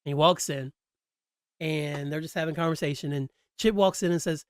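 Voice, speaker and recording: A man with a fairly high speaking voice talks through his solo podcast in a loose, slangy way. He rambles easily, close to the mic, and the sound is dry. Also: fairly even intonation, moderate pace, clean tone, dry recording. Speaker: podcast host. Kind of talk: casual solo chat.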